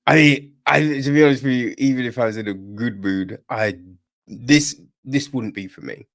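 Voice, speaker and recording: A man's voice: medium pitch, normal speed, vocal fry. A man hosting a film review podcast, talking casually, bluntly and rambling, swearing freely and grumbling that he is in a bad mood.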